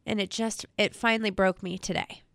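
A woman in public safety speaking straight to viewers, emotional and near tears, earnest and halting, repeating words as she talks. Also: medium pitch, fairly even intonation, gravelly, a bit bright, dry recording, clean studio sound. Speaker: state trooper spokesperson. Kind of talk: emotional direct-to-camera talk.

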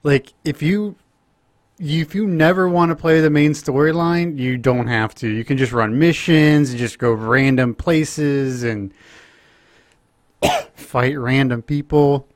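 A man co-hosting a podcast in casual chat, speaking in a relaxed, hesitant way with many restarts. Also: a little high, takes it slowly, dry recording, clean studio sound. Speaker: podcast co-host.

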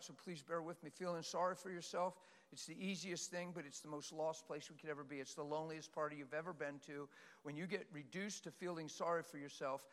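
A middle-aged male pastor preaching with passion, swinging between shouts and quiet, earnest talk. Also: on the high side. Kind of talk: sermon. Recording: long hall reverb.

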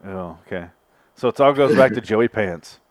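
A man's voice: fairly low pitch, normal speed, no room sound. Laid-back man, dry-sounding close voice. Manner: profane, laughing banter. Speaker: podcast host. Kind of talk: casual chat, reviewing an episode.

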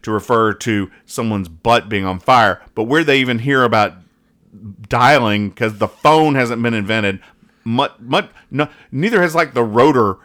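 A man's voice: mid-range voice, measured pace, fairly bright tone. A man co-hosting a comedy podcast, rambling and over-explaining the jokes in comics. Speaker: podcast co-host. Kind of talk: casual comedic chat.

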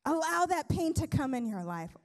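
A young woman pastor delivers a sermon in a high, bright-pitched voice. She preaches conversationally, tells jokes and often breaks off to restart her sentences, swinging between big emphatic lines and quiet asides. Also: normal speed. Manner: lively, conversational preaching with humor and many restarts.

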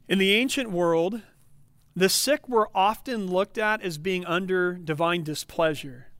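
A man's voice: high voice, fairly bright tone, smooth, dry recording. A man preaching a sermon, earnest and emphatic, building to pointed questions for his listeners. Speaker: pastor.

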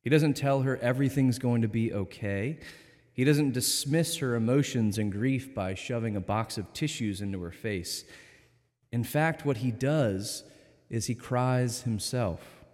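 A man delivers a sermon in a calm, earnest, measured way. His voice has a middling pitch and carries a long reverb from a church interior. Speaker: preacher.

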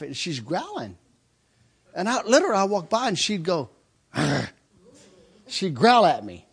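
A male preacher telling a story in a sermon, acting out screams and laughter as he goes. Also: high voice. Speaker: traveling preacher.

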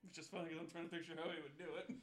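High-voiced dude at the table, laughing while he talks, echoey room, loud crowd. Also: little pitch movement, racing. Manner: laughing, teasing. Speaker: player.

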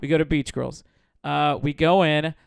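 A man's voice: fairly high pitch, fairly even intonation, normal speed, vocal fry, clean tone, no room sound. A young man hosting a casual comedy podcast, swearing a lot and acting out voices as he tells a story. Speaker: podcast host. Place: small studio.

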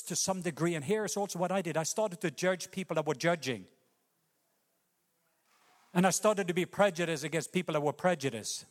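Norwegian man preaching in an echoing hall. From Norway. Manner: impassioned preaching, swinging between loud cries and low hushed lines. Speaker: pastor. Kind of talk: sermon.

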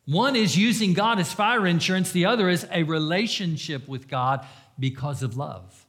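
A man preaching a sermon, sharing his own testimony earnestly, rising to loud emphasis and dropping to hushed, quiet passages. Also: a little high, normal speed. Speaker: pastor.

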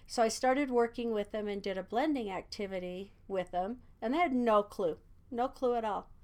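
A woman's voice: a little high, moderate pace, a little mellow. A woman in her sixties, a kindergarten teacher, chatting casually and laughing often between thoughts. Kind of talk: casual conversation.

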